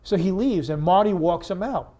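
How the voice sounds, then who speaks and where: A man from Long Island, a guest comedian telling an anecdote in an animated way. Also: high-pitched, moderate pace. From Long Island, New York. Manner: animated, acts out other people's lines. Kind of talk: storytelling anecdote.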